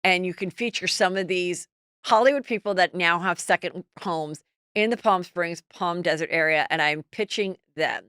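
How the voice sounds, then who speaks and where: Gossipy middle-aged woman podcast host, lowish smooth voice, dry close sound. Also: moderate pace, no echo. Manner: chatty, gossipy, animated storytelling. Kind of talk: casual celebrity gossip chat.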